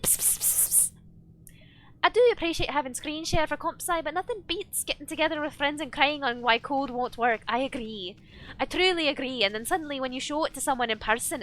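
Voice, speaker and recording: High, bright young woman streamer. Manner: rambling, ranting, reads chat aloud. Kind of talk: casual live-stream chat while gaming.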